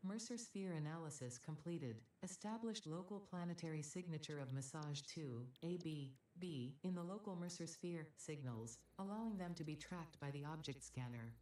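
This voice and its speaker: Low-voiced corporate game AI, calm announcer, dry politeness, roomy distant sound. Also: female voice, normal speed, few pauses. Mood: announcing. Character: cheery corporate female AI, coldly dutiful. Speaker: in-game AI assistant.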